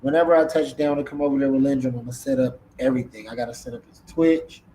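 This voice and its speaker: A man's voice: mid-range voice, steady tone, quick pace, mellow, a little hiss or hum, low-quality recording. A man hosting a casual live-stream podcast in a laid-back way, often repeating his words. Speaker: podcast host.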